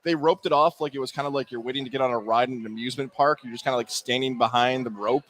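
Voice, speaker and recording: A man co-hosting a casual sports talk show, telling stories with animated energy and frequent laughter. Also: mid-range voice, rapid-fire. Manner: animated storyteller, laughs often. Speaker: co-host.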